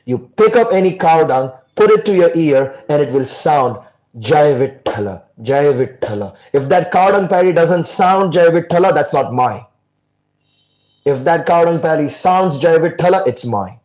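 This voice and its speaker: A man's voice: fairly high pitch, expressive, normal speed, darkish tone, voice pushed up, close to an everyday voice. Man doing a feisty, defiant village woman.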